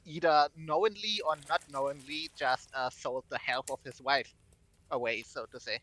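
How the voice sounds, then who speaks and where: A man's voice: mid-range voice, moderate pace, bright, forceful tone, low-quality recording. A man chatting casually as a tabletop game player, speaking hesitantly with many fillers. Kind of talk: casual chat.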